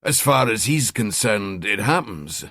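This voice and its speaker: A man's voice: on the low side, expressive, measured pace, sharp tone, dry recording, studio quality, full character voice. A man voicing a cheeky, sardonic male police detective in an audiobook. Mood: wry. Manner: wry, chatty.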